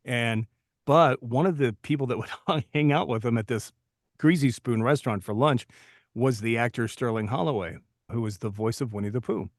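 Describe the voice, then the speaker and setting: A man's voice: mid-range voice, normal speed, no echo, studio quality. Man in his fifties telling stories. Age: 50s. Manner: storytelling, reflective. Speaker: podcast co-host, actor. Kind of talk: casual podcast chat.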